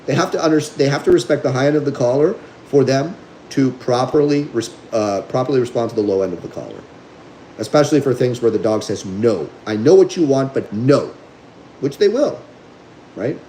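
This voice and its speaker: A man's voice: mid-range voice, big pitch swings, fairly quick, dark tone, a little hiss or hum, rough recording. A man hosting a livestream as a dog trainer, talking bluntly and combatively while reading viewer comments.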